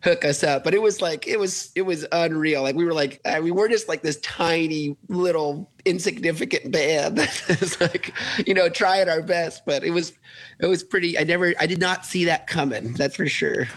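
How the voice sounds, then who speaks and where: A man's voice: on the high side, moderate pace, fairly bright tone. A man, a musician, telling stories in a casual interview, rambling with lots of "like" and frequent laughs. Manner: rambling, heavy use of "like", laughs often. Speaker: musician guest.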